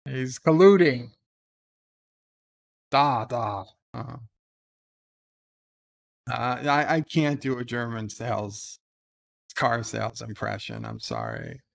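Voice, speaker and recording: A man hosting a livestream, reading live chat comments aloud in a laid-back, halting way with frequent "uh"s before each comment. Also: medium pitch, animated, gravelly. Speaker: livestream host.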